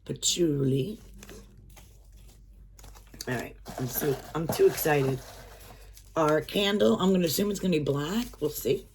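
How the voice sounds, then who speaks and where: A woman vlogger chatting casually as she unboxes items at home, excitable, gasping and dropping to whispers with delight. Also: sits low, unhurried, long pauses, slight background noise.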